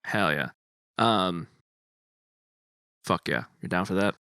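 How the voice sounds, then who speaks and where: A young man co-hosting a podcast in relaxed casual chat, swearing now and then. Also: takes it slowly, smooth, no room sound, studio quality. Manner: laid-back, swearing, low-key. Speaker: podcast co-host.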